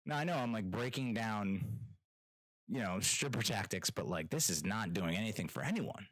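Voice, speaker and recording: A man's voice: on the low side, animated, moderate pace, fairly bright tone, no echo, rough recording. A man hosting his own podcast, telling rambling, self-mocking stories in casual solo chat. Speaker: podcast host.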